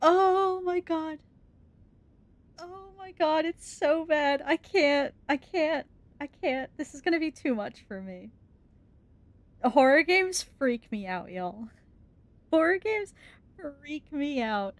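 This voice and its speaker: A woman streamer narrates her horror game in a high voice at an unhurried pace. She is jumpy and easily scared, cursing at the screen and laughing nervously. The sound is dry and close. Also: lively intonation, no echo. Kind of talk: let's-play commentary.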